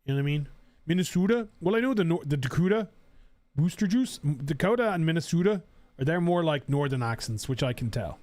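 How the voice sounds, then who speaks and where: Young Irish male streamer, high-ish voice, rambling casual chat with easy swearing. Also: animated, fast, darkish tone, no room sound. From Ireland. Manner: rambling, chatty, swears casually, frequent fillers. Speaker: game streamer. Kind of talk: casual live-stream chat while gaming.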